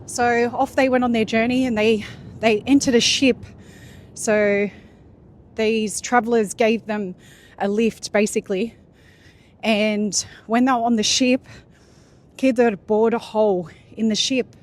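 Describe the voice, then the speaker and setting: A woman's voice: on the high side, fairly even intonation, measured pace, pauses often. A woman casually retelling a religious story in a loose, chatty way, full of fillers and restarts.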